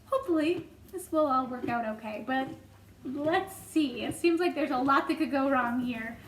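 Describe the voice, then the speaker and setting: A woman's voice: high-pitched, moderate pace, recorded from a distance. Lady reading storytime aloud, chatty asides, echoey room, bit of hiss. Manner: friendly asides to listeners. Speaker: storytime reader. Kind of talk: reading a children's book aloud. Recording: echoey room with faint noise.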